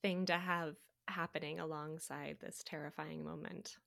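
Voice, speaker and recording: A woman hosting an interview, giving soft, short supportive replies. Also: low-pitched, steady tone, normal speed, gravelly. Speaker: podcast host. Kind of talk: interview listening and responses.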